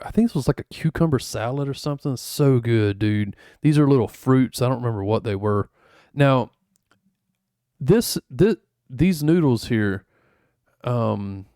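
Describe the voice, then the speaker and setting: A man's voice: medium pitch, a little mellow, clear, resonant tone, no room sound, clean studio sound. Rambling laid-back man on stream. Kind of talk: casual chat.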